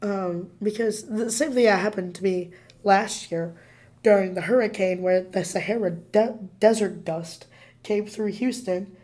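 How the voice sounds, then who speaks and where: A woman co-hosts a chatty podcast, her voice worn hoarse by illness. She tells her story excitably, breaking into laughter and leaning on "like" throughout. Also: medium pitch, a little slow. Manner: excitable, laughs often, fillers like "like". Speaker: podcast co-host. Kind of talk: casual chat, animated storytelling.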